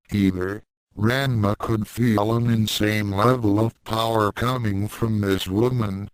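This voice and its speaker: A man narrating a fan fiction story in a calm, measured reading. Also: lowish voice, clean tone, no room sound, poor audio.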